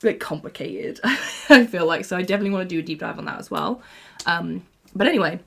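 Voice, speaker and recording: A woman's voice: lowish voice, animated, quick pace, gravelly. A young woman in her twenties, rambling through casual TV fan commentary with frequent "like"s and laughs. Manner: rambling, lots of 'like', laughs often. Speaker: YouTuber.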